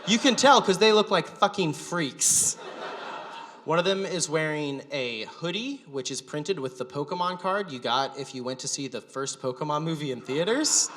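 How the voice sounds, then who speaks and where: Male stand-up host, bright, slightly high voice, wry deadpan storytelling, long hall reverb. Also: normal speed. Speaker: stand-up comedian and show host. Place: gallery venue with live audience.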